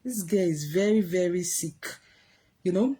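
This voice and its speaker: A woman's voice: lowish voice, measured pace, warm tone. A woman chatting casually on a livestream, mocking someone and greeting viewers by name. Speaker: livestream host. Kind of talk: casual gossip commentary.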